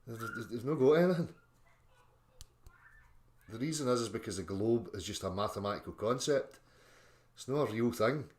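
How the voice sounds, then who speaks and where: A man's voice: medium pitch, lively intonation, moderate pace, long pauses, darkish tone. A Scottish man hosting a livestream, reading out chat and mocking his critics in a sweary, combative rant.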